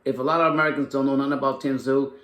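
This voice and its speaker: A man co-hosting a boxing show in casual chat, talking haltingly with lots of fillers and repeated words. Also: medium pitch, level tone, fairly bright tone, reverberant. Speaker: co-host. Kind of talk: casual fight breakdown.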